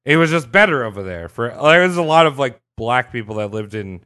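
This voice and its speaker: A man hosting a casual podcast chat, telling a story in an animated, profane way and acting out quotes. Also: mid-range voice, brisk, clean tone. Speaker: podcast host.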